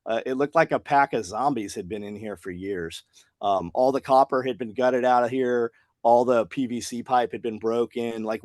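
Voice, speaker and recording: In a casual interview, a man from Tennessee who owns a business tells a lengthy story as a podcast guest, voicing each person's lines with animation. His voice is mid-range, and the studio-quality audio has no echo.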